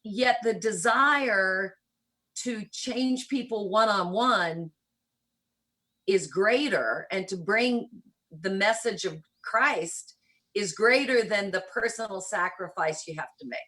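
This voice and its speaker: This is a woman around sixty whose faint Southern accent still shows in her vowels. She tells stories as an interview guest, in a lively way that speeds through asides and slows down on key words. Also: medium pitch, breathy edge, low-quality recording. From rural Kentucky, USA. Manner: animated storyteller, shifts between quick and slow, deliberate phrasing. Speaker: guest, church planter. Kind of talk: conversational interview storytelling.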